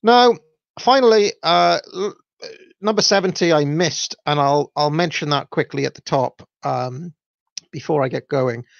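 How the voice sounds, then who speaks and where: A Welsh man talks through his own show in a loose, rambling way, stopping often on fillers. His voice sits fairly high with a gravelly edge. The recording is dry and a little dull. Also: measured pace, no echo. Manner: rambling, filler-heavy, self-deprecating. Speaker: podcast host. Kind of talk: casual solo livestream talk.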